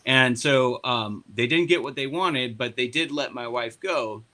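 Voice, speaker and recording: A man telling stories in a loose podcast chat, swearing freely and turning sarcastic. His voice is bright and forceful, at a middle pitch for a man. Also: a little slow. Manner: profane, animated, sarcastic. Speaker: party board member and guest. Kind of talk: casual podcast storytelling.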